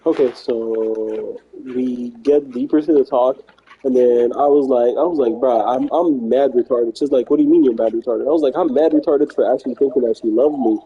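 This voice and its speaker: A man's voice: mid-range voice, moderate pace, breathy edge, dull audio. A man streaming live who tells a long personal story in a rambling, slangy way, quoting what others said and repeating himself.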